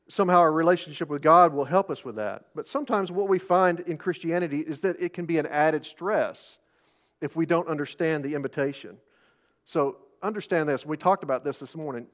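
Delivering a sermon in a conversational way, a pastor restarts phrases as he goes. His voice sits a little high, swinging between loud emphasis and quiet asides, and the recording sounds dull and lo-fi.

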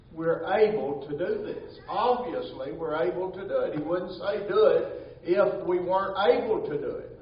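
Emphatic pastor in an echoey church. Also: male voice, fairly high pitch, a little hiss or hum. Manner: emphatic, repeats phrases, many "uh" fillers. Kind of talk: sermon. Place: church sanctuary. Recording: echoey church from far off, dull.

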